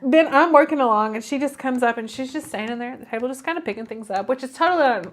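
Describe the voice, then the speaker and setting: A woman's voice: sits high, fast talker. A woman in her thirties co-hosting a craft show, telling family stories in casual chat and laughing often. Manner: chatty storyteller, laughs often.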